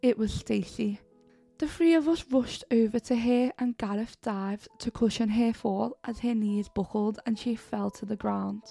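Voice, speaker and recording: A woman narrating a horror story in a steady, measured way, her voice fairly high with a gravelly fry. Soft music runs quietly behind her. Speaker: podcast host and story reader.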